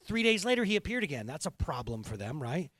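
A man's voice: on the high side, sing-song, fast talker, fairly bright tone, dry recording. A middle-aged man preaching a sermon as pastor, earnest and conversational, building to impassioned.

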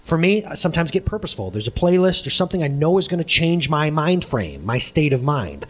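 Animated middle-aged pastor, lively pitch. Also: male voice, a little fast, hardly any pauses, breathy edge. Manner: animated, acts out quoted voices and laughs often. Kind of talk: sermon.

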